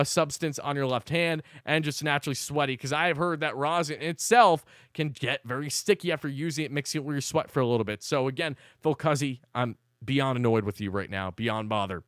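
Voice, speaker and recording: A man's voice: a little high, a bit bright, smooth, no room sound, studio quality. A man hosting a live postgame show, recapping the game in a fired-up way, swearing and ranting between updates. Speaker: sports channel host.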